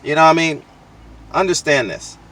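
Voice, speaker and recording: A man's voice: on the high side, normal speed, sharp tone, far from the mic. A man hosting his channel, delivering a blunt, slangy, profane opinion rant with lots of emphatic restarts, recorded outdoors. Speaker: channel host.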